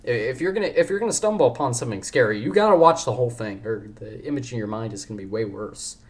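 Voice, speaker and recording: A young podcast host rambles through a casual chat, joking around and often cutting himself off mid-sentence. His medium-pitched, slightly mellow voice moves quickly with lively intonation.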